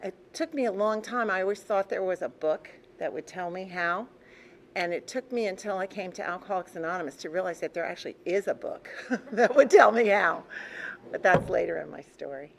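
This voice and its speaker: An older woman telling her life story to a recovery meeting, candid and conversational, with restarts and soft laughs. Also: fairly low pitch, a little fast, vocal fry, slight background noise. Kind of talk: personal story told to a group.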